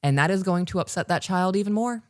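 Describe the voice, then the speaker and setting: Low-voiced woman, emphatic podcast host. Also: lively intonation, fast talker, no room sound, clean studio sound. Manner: emphatic, talks straight to the listener. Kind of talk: casual parenting podcast talk. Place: recorded live for online patrons.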